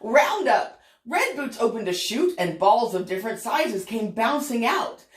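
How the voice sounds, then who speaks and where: A woman reading a picture book aloud to children, animated and stopping often to ask her young listeners questions. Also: fairly high pitch, a little slow. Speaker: children's storyteller. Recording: echoey room.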